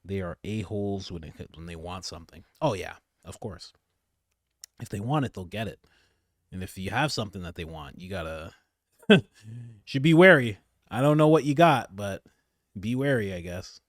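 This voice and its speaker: A man's voice: low voice, normal speed, dry recording, studio quality. Joking man giving reaction commentary. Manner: joking, animated ranting. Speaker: political commentator.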